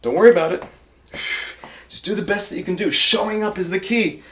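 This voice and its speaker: A man's voice: sits high, fairly quick, a bit bright. A male fitness trainer demonstrating exercises, encouraging beginners and counting reps aloud while getting out of breath.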